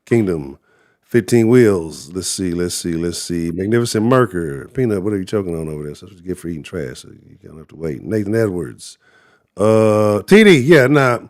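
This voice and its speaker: A young adult man, hosting a live-streamed sports talk show in a heated, profane rant. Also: medium pitch.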